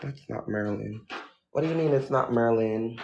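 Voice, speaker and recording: A man's voice: medium pitch, normal speed, creaky, a little mellow, highs cut off, a little hiss or hum. A man on a livestream chatting nervously to viewers during a spooky ritual, swearing and addressing his audience directly. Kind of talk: casual livestream ritual chat.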